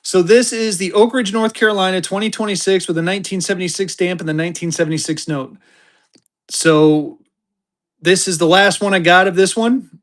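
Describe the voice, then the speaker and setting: Excited man running a live auction. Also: high voice, brisk. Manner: excited, chatty, talks straight to viewers. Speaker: livestream seller. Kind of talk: live auction stream chat.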